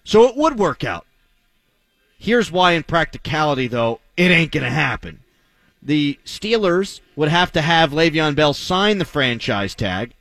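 A man's voice: on the high side, big pitch swings, a little slow, fairly bright tone, dry recording. A man hosting a sports talk radio show, delivering a blunt, sarcastic, opinionated monologue.

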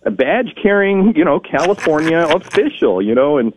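A man's voice: a little high, normal speed, a little hiss or hum. A middle-aged man, a game show announcer, telling stories in an interview and acting out the voices he quotes. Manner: animated storyteller acting out quotes. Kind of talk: storytelling interview. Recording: tinny phone-like line.

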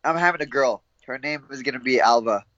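A young man being interviewed as a fighter, laughing often and telling animated stories with quoted voices. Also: medium pitch, fairly quick, dry recording, lo-fi sound. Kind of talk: casual interview chat.

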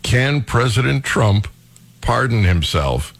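A male radio talk show host, chatting casually, laughing often and pausing with many uhs. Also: mid-range voice, big pitch swings, creaky.

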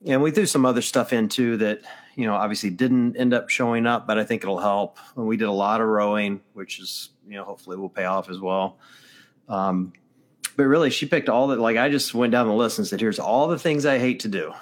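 A man's voice: lowish voice, a little fast. A man co-hosting a casual chat, rambling with lots of fillers and hedges. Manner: rambling, hedging, many fillers.

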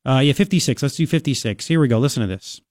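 A man's voice: mid-range voice, lively intonation, quick pace, noisy background. A man hosting opinionated talk radio commentary, sarcastic and incredulous, repeating his points for emphasis. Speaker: talk show host.

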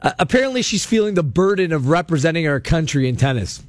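High-voiced, sarcastic radio host man. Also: lively intonation, fast talker, no room sound. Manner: emphatic, sarcastic ranting. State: losing his voice. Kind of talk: call-in sports talk radio. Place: radio studio.

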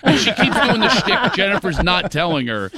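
A man's voice: high voice, sing-song, moderate pace, pushed and bright. A man with a Philadelphia accent, a comedian telling a story on a radio show and acting out other people's voices. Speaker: comedian guest.

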